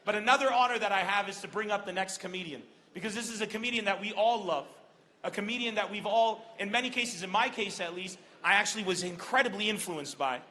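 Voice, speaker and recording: Stand-up comic, male, from Lebanon: high, bright, animated delivery on an outdoor stage. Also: fast. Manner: animated, acts out quoted voices. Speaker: stand-up comedian. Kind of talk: stand-up comedy set. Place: large outdoor festival stage. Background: crowd laughter.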